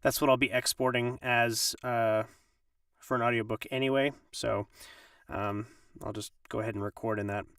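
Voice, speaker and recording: Male voice actor, slightly under the weather, casual tutorial, mid pitch, dry room. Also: steady tone, moderate pace, fairly bright tone, smooth, no room sound, distant mic. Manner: rambling, with many ums and restarts. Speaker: voice actor and audiobook narrator. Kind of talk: casual live-stream tutorial.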